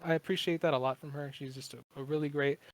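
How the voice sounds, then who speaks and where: A man's voice: on the high side, steady tone, fast talker. Rambling, foul-mouthed young man. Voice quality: rambling, profane, with frequent fillers. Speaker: podcast guest. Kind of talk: casual chat.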